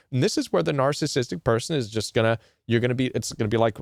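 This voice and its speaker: An earnest man talks straight to his viewers in a middle-pitched voice. He circles back to his points and slips into short quoted asides. The sound is dry and close, with no room around him. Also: fast, vocal fry, hardly any pauses, no room sound. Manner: earnest, repetitive, quotes imagined people in short put-on asides. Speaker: host of a self-help channel on narcissistic abuse. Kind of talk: casual talking-head explainer reading from a web browser.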